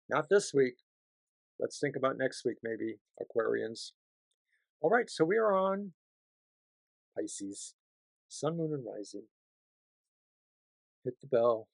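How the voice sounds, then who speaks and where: A man giving a weekly tarot reading sign by sign, chatty, swinging from hushed to excited. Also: a little high, slow, vocal fry, pauses often, no echo. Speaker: tarot reader.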